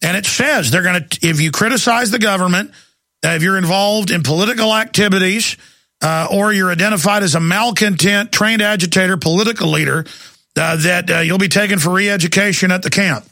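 Bright, gravelly-voiced talk show host. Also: male voice, high-pitched, a little fast, dry recording, studio quality. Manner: blunt, stammering restarts.

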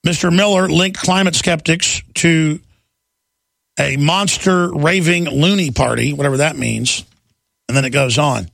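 A gravelly man hosts a political talk radio show, ranting fast and combatively. His voice sits a bit high and is recorded close and dry, with no room sound at all. He keeps mocking his opponents in quick bursts. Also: a bit bright, dry recording.

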